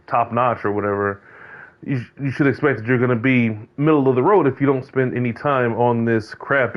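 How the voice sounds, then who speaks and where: A man talking casually about a football video game, rambling with many fillers and restarts. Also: medium pitch. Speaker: host of a video game league check-in. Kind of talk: casual commentary monologue. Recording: dull lo-fi sound.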